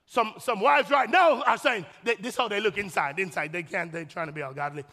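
A man's voice: very high voice, expressive, a little fast, creaky, few pauses, bright, forceful tone. A man preaching a sermon as pastor, emphatic and folksy, repeating his points and speaking directly to the congregation. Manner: folksy and humorous. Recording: long hall reverb.

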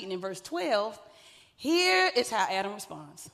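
A woman's voice: fairly high pitch, very animated, normal speed, a bit bright. A woman pastor, preaching a sermon in a conversational way, with joking asides to the congregation. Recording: long hall reverb.

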